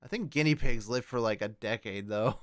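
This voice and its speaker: A man co-hosting a podcast, chatting casually and reading posts aloud with excited exclamations. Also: medium pitch, normal speed, clean tone, no echo, studio quality. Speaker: podcast co-host. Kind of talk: casual chat reacting to posts.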